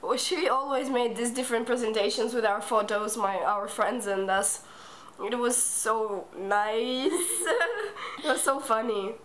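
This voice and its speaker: A teenage girl with a hoarse voice from illness, chatting and laughing with a friend. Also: fairly high pitch, a little slow. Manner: laughing, animated. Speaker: guest friend. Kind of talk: casual chat. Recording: noisy home video.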